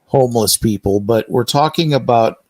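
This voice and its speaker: A man co-hosting a casual political chat on the radio, hesitant and filling pauses before making his point. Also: mid-range voice, dry recording. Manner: hesitant, many fillers before getting to the point. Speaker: radio show co-host.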